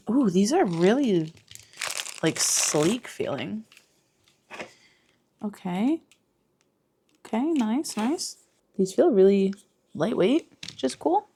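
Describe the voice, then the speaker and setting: A woman's voice: mid-range voice, vocal fry, mellow, slight background noise. A woman in her thirties chatting casually through her day at home in a rambling vlog, swearing now and then and cooing at her dog. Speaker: vlogger. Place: home, indoors and in the yard.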